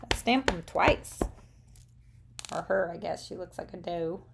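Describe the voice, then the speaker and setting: A woman's voice: fairly low pitch, animated, a little slow, creaky, very noisy. A middle-aged woman with a Southern accent, chatting casually and rambling a little with frequent ums as she hosts a live craft demonstration for viewers.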